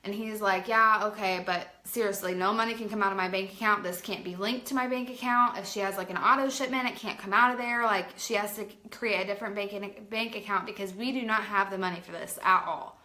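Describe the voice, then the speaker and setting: A woman in her late twenties tells a long personal story straight to camera, chatty and animated and full of "like". Her voice is bright and clear. The room around her has a noticeable echo. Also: mid-range voice, a little fast, hardly any pauses. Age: late 20s. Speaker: vlogger. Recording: roomy echo.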